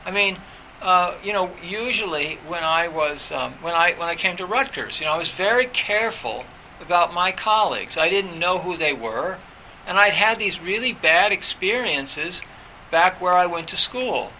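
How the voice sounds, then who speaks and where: A middle-aged professor talks through old memories with candid reflection. His voice sits a little high for a man and has a very bright, sharp edge. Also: animated, normal speed, a little hiss or hum, rough recording. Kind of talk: personal recollection in conversation.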